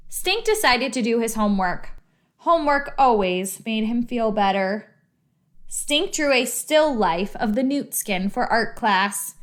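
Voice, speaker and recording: A woman reads a children's book out loud with lively, expressive storytelling. Her voice sits fairly high and she takes her time.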